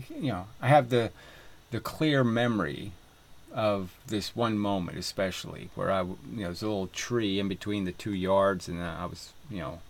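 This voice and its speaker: A man vlogging in a rambling, profane monologue full of fillers and laughing asides, recorded by a camera mic outdoors on a windy day by the water. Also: on the low side.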